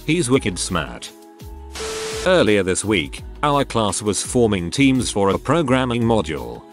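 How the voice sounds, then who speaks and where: A man's voice: on the low side, sing-song, moderate pace, faint music behind. A man reading online stories aloud as scripted narration, with a wry, dry storytelling manner.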